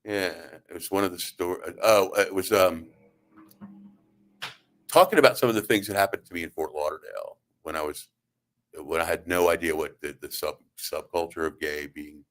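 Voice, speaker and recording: A middle-aged man hosting a talk radio show, telling comic stories in a rambling, halting way and acting out the quotes. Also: low voice, fairly even intonation. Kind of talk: comedic storytelling on talk radio. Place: radio studio.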